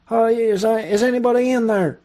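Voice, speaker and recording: A man's voice: very high voice, fairly even intonation, moderate pace, mellow, voice pushed up. A man voicing a big, sweaty tourist who calls out politely at an empty-seeming booth. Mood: calling out. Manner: calling out politely, apologetic.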